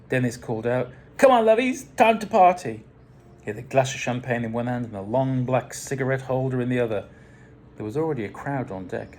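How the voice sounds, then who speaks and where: A man reads his own story aloud in a steady, middle-pitched voice, delivering each line with dry, understated wit. A faint ambient noise sits under the narration. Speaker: audiobook narrator. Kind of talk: first-person storytelling narration.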